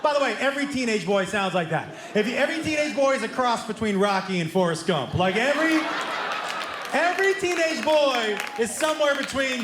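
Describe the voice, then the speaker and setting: A man's voice: very high-pitched, fairly quick, background noise. A middle-aged man doing stand-up, telling family stories and acting out the people in them. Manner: animated, acts out family members in quoted voices. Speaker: stand-up comedian. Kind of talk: stand-up comedy storytelling. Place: theater stage before a live audience. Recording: roomy live theater sound.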